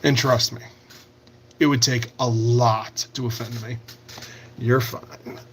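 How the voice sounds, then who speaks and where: A man's voice: medium pitch, level tone, takes it slowly, a bit bright, slight background noise. A man hosting a casual livestream, reading out and answering viewer comments while he works on a craft project. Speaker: livestream host.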